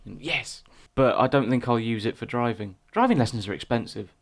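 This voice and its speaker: Young man, podcast co-host, relaxed and rambling, average pitch. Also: moderate pace. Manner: relaxed, rambling, many restarts. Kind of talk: casual chat.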